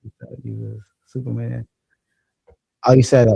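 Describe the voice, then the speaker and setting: Gravelly, laid-back man telling stories. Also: medium pitch, level tone, normal speed, mellow, no echo, dull audio. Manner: loose, profane storytelling, laughs often. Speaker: livestream host. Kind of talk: casual livestream chat reading comments. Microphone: phone or computer mic.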